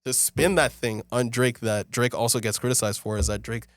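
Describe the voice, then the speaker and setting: Male co-host, mid-pitched, loose and profane, dry close mic. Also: normal speed, dry recording. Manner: loose, animated and swearing, often laughing. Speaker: podcast co-host. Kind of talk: casual chat.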